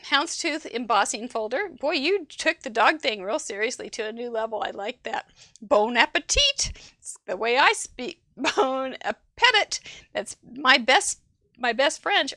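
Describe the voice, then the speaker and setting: A woman's voice: on the high side, sharp tone, no room sound, studio quality. A woman hosting a live crafting show, chatting effusively and rambling as she shows off viewers' cards, laughing often. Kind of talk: live-stream casual chat, showing viewer cards.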